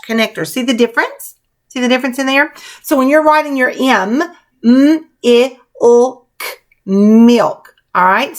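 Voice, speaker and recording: A woman's voice: on the high side, fairly bright tone. A woman teacher leading young children through a spelling lesson, coaching them patiently in a sing-song classroom manner.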